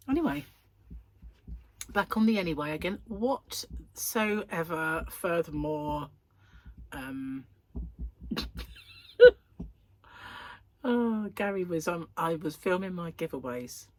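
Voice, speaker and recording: A woman's voice: fairly low pitch, animated, slow pace, pauses often. A woman talking in a rambling, chatty way, laughing often and acting out the things she and others said. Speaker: host of a crochet chat channel. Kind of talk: casual chat.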